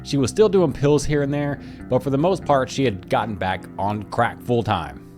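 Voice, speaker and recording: A young man casually telling a story from his own life, profane and animated. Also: medium pitch, normal speed, faint music behind.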